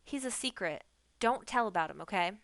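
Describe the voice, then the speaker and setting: A woman's voice: mid-range voice, animated, normal speed, creaky, a bit bright, dry recording. A woman reading aloud, voicing an earnest, slightly uneasy young girl from a storybook.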